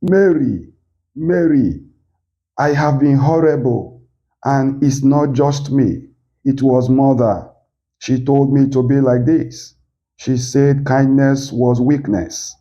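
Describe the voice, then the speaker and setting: Brief: a man reading as a rude spoiled young woman, sharp tongue, slow-paced delivery. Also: medium pitch, lo-fi sound, close to an everyday voice. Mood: tearful. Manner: sharp and scornful, later tearful.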